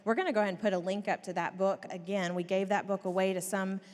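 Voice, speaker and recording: A woman's voice: mid-range voice, fairly even intonation, quick pace, a little mellow, long reverb tail. A woman co-hosting a church talk on parenting, casual and affirming, often chiming in with agreement. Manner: affirming, frequent agreeing interjections.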